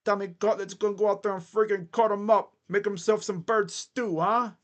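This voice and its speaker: A man's voice: sits high, steady tone, moderate pace, natural voice. A man putting on a swaggering mobster voice. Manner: swaggering, gruff put-on accent.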